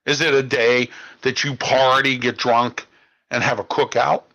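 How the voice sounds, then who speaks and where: Indignant man ranting, bright voice. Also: medium pitch, flat delivery, unhurried, poor audio. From Pittsburgh area. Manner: ranting, indignant, repeats "okay?" and "all right?". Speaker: talk show host. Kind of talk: political commentary monologue.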